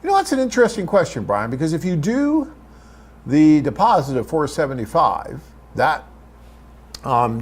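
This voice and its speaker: A man's voice: mid-range voice, darkish tone, slightly rough. A man hosting a live webcast, reading out viewer questions and answering them in a chatty, off-the-cuff way.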